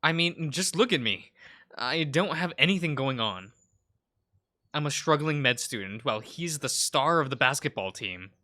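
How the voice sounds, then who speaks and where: A man's voice: on the high side, lively intonation, moderate pace, bright, forceful tone. Man voicing insecure young med student. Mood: doubtful. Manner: hesitant, self-doubting. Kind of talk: visual novel read-aloud.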